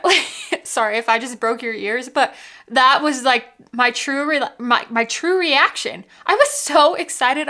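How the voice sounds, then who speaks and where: A woman's voice: high voice, sharp tone. A woman hosting a casual whiskey vlog from home, bubbly and gushing, full of "like" and "literally". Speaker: whiskey vlogger.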